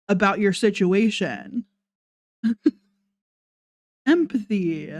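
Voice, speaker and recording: A woman's voice: medium pitch, dry recording. A woman giving sarcastic reaction commentary, laughing between her points. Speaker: commentary host.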